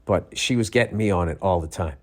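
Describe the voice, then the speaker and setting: A middle-aged man talks on his podcast in a low voice, tired and yawning. He rambles through comic stories, swears freely and now and then mimics other voices. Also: a little fast. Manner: profane, rambling, animated storytelling with mimicked voices. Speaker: podcast host. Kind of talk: casual comedic monologue.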